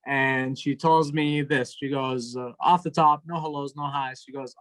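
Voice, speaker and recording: A young man doing a stand-up comedy set over a video call, telling stories in a deadpan way. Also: mid-range voice, a little slow, few pauses. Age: young adult. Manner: storytelling, deadpan, trailing into laughter.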